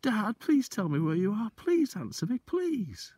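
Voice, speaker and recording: Frightened small boy in a storybook, voiced by a man reading aloud: high, pleading, calling for his father. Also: huge pitch swings, normal speed, warm tone, slightly rough, no echo, exaggerated voice. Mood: desperate calling.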